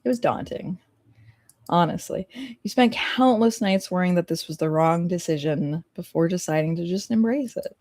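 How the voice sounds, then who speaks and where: A young woman streamer reading a story game aloud and reacting excitably, with laughing asides and loud outbursts. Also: lowish voice, normal speed, dry recording, studio quality.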